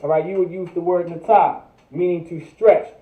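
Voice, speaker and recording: Leading a language lesson over livestream, this man repeats every word over and over as he drills, musing aloud as he goes. He speaks high-pitched and steady at a moderate pace, through echoey, far-off, phone-like audio.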